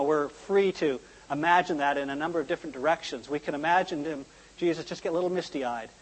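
A man preaching a sermon, earnest and emphatic, slowing down to stress key points. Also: a little high, breathy edge. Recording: long hall reverb.

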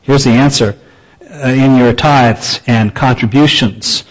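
Man, pastor, sermon, middle pitch, measured delivery, slows for emphasis, dry asides. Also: fairly even intonation, rough recording. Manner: measured preaching with slowed emphasis on key phrases.

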